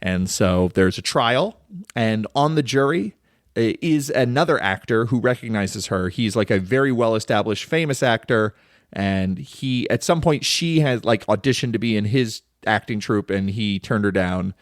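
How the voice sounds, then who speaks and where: A man's voice: on the low side, moderate pace, no echo, studio quality. A man hosting a casual solo film podcast, rambling and enthusiastic, full of "like" and "um". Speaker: podcast host.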